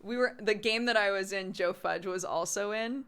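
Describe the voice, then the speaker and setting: A woman's voice: medium pitch, moderate pace, fairly bright tone, smooth. A young woman from Oregon with a General American accent, chatting casually with viewers as a streamer and checking in with "right?" as she explains. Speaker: streamer host.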